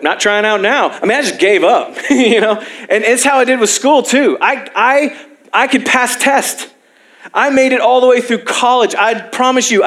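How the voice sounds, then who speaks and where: A man's voice: high voice, a bit bright. A young man preaching a sermon as pastor, telling personal stories with self-deprecating humor and frequent laughs.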